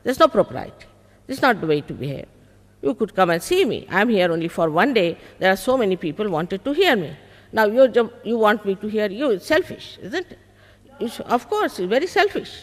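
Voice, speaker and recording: A woman's voice: mid-range voice, very animated, brisk. An older woman, a spiritual teacher at a public talk, firmly scolding and repeating her points. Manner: firm, scolding, repeats herself. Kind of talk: public talk, heated exchange with audience. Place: large public hall. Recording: long reverb of a large hall.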